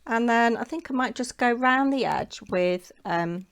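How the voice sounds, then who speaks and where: A woman's voice: a little high, lively intonation, measured pace, clean tone. A woman hosting a crafting tutorial, chatting casually and talking to herself as she works. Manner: chatty, talks to herself while working. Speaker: papercraft tutorial host.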